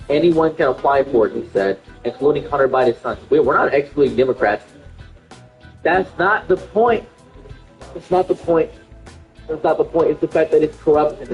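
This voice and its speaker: A game streamer rants indignantly during a live reaction, repeating himself as he goes. His medium-pitched voice moves at a moderate pace, captured lo-fi in an echoey room with faint music.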